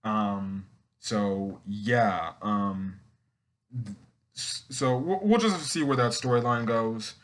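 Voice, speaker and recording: A man's voice: fairly low pitch, slow pace. Rambling man recapping an episode. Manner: rambling, self-correcting, acts out characters' lines in quotes. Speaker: TV episode reviewer. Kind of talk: casual recap and commentary.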